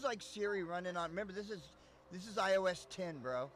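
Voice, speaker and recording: Profane, rambling male streamer, fairly high. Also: a little fast, a bit bright, slight background noise. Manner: profane, rambling, laughs often. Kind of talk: casual live-stream chat.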